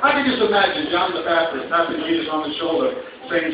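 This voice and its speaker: Brash New comic in an echoey club. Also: male voice, on the high side, lively intonation, fast talker, crowd noise. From New York. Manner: brash storytelling with crude punchlines. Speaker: stand-up comedian. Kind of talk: stand-up comedy set. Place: small comedy club. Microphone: handheld mic. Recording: distant echoey lo-fi club recording, audience.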